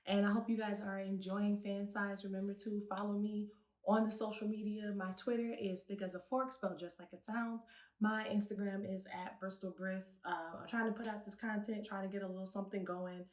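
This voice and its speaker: A young woman co-hosting a casual review chat. She talks in an animated, chatty way and laughs easily. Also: medium pitch, a little fast. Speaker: co-host and beauty segment presenter. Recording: echoey room.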